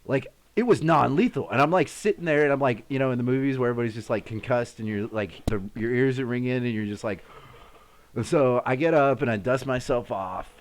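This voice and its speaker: A man in his thirties hosting a live stream, casually telling a story to his chat and acting out sounds and shouts along the way. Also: medium pitch, brisk, slight background noise. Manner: animated, acts out sounds and his own shouts.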